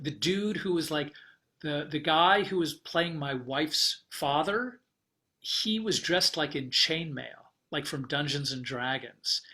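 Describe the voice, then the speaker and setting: A man with a fairly high, bright and forceful voice, speaking as a podcast guest. He tells a long personal travel story in a loose, animated way. He often restarts sentences and fills pauses with "uh" and "like.". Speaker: guest, travel writer and publisher. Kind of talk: casual storytelling interview.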